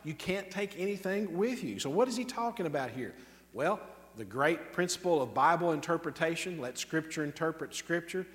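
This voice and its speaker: A man preaching a sermon emphatically, drawing out key words slowly and tossing off quick asides. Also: on the high side, lively intonation, a bit bright, long reverb tail. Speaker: pastor.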